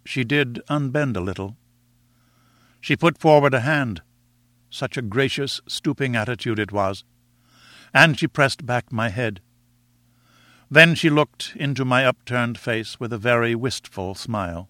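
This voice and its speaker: A man reading a novel aloud in a measured, reflective storytelling manner. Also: mid-range voice, sharp tone, no room sound, clean studio sound. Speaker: audiobook reader. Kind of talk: scripted narration.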